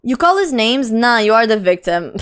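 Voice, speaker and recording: A woman's voice: fairly high pitch, very animated, normal speed, fairly bright tone. A young adult woman streamer chatting casually and reading her chat aloud. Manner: chatty, reads chat aloud, frequent laughs and "like".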